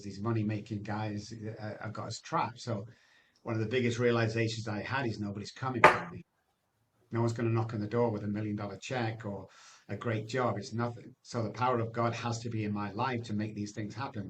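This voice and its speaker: A man as a podcast guest, giving an animated testimony full of rhetorical questions. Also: lowish voice, slight background noise.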